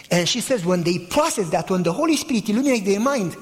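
High, lively-voiced pastor preaching in a hall. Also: male voice, fast, hardly any pauses. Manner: emphatic preaching with rhetorical questions to the congregation. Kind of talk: sermon.

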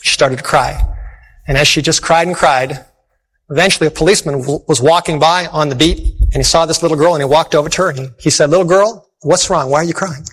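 A man's voice: fairly high pitch, steady tone, fast, a bit bright, slightly rough, low-quality recording. A man preaching a sermon, emphatic, repeating phrases and calling to the audience for amens.

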